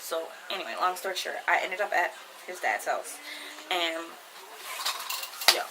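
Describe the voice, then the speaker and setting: A woman's voice: lowish voice, lively intonation, unhurried. A woman in her twenties, telling a personal story to her viewers in a casual, rambling way, with many fillers. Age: 20s. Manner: chatty, rambling, heavy use of "like". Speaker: vlogger. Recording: noisy background ambience.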